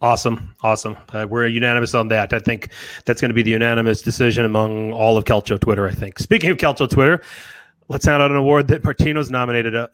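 A man's voice: medium pitch, flat delivery, quick pace, no room sound. Dry-sounding casual male podcast host. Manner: laughing, reads out tweets with restarts. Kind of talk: casual chat.

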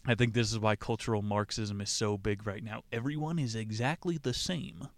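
A man's voice: lowish voice, moderate pace, few pauses, no echo. Male podcast host with a mocking, offhand delivery in a dead-dry booth. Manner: irreverent, rambling, mocking. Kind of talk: casual book discussion podcast.

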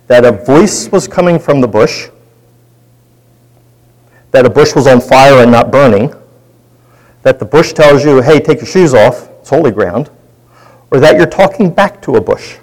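A man's voice: medium pitch, expressive, unhurried, long pauses, a little mellow, low-quality recording. A man leading a Bible study, teaching in a conversational way and putting questions to his group.

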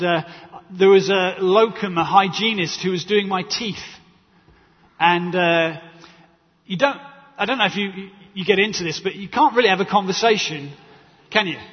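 A man preaches in a high, slightly husky voice, his words carrying a long reverb through a church hall. He tells stories with animated energy and acts out what others said. The recording sounds dull and muffled. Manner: animated storytelling with acted quotes and laughter. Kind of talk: sermon.

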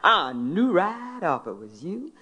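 A woman's voice: fairly low pitch, very animated, slow pace, bright, forceful tone, breathy edge, voice pushed up, heavily acted. A woman doing a folksy old uncle. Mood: kindly. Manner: drawling, homespun. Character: folksy elderly Southern great-uncle, kindly.

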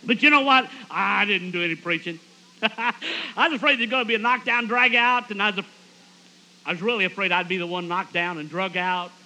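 A man's voice: sits high, fairly quick, rough recording. A man preaching a storytelling sermon at a camp meeting, acting out the people he quotes. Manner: animated, acts out quoted voices.

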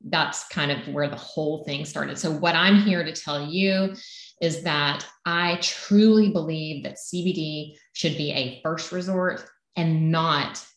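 A woman's voice: sits low, a bit bright. A middle-aged woman with a Southern American accent, earnestly co-hosting a health podcast and sharing her own story. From South Carolina. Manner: earnest, emphatic declarations. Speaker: health coach co-host. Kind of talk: podcast introduction and personal story. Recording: echoey room.

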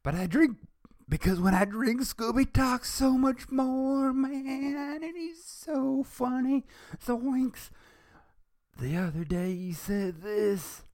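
Shaggy, as a man puts him on, squeaky drawl. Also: a little mellow, exaggerated voice. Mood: goofy. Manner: high, drawn-out, slangy drawl. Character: laid-back scruffy young man, cartoon. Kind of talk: reading fan fiction aloud.

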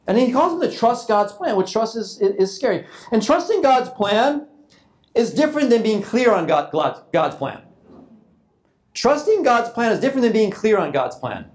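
A man's voice: high-pitched, very animated, moderate pace. A man preaching a sermon in a loose, conversational way, often repeating and restarting his phrases. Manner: informal, repeats and restarts phrases, acts out quoted thoughts. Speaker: pastor.

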